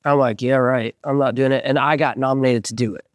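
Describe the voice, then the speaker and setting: A man in his forties, a band singer, telling stories in an animated way as an interview guest and acting out the voices of people he quotes. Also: mid-range voice, fairly quick, a little hiss or hum. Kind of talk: casual storytelling interview.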